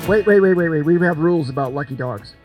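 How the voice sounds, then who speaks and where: A man's voice: on the high side, fast talker, muffled recording, soft background music. An older man emceeing a cornhole game at an event, joking and coaxing people along with lots of repetition. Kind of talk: lively crowd banter.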